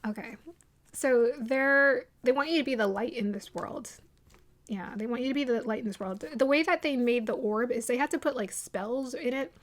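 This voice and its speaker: A woman's voice: a little high, normal speed. A woman giving a casual tarot reading to her viewers, chatting and rambling, often restarting her sentences and laughing at her own drama. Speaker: tarot reader.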